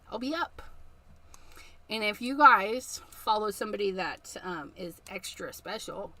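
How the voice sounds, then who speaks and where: A middle-aged woman hosting a casual craft livestream, chatty and quick to laugh. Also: medium pitch, sharp tone, slight background noise.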